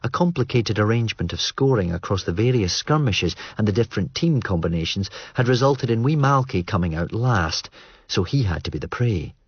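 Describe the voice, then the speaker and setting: A man narrating an audiobook in a measured, understated way. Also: lowish voice, lively intonation, husky, no room sound. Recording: muffled dry studio read.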